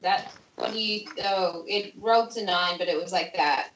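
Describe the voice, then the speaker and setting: A woman playing in a tabletop game, relaxed and describing what her character does. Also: fairly low pitch, normal speed. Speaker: player. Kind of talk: casual tabletop play. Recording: roomy, distant lo-fi mic with faint noise.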